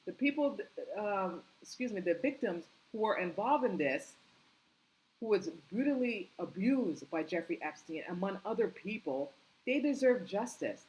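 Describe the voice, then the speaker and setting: A woman delivering an impassioned opinion monologue, indignant and repetitive, firing rhetorical questions and climbing in pitch when angry. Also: low-quality recording. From United States. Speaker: political commentary vlogger.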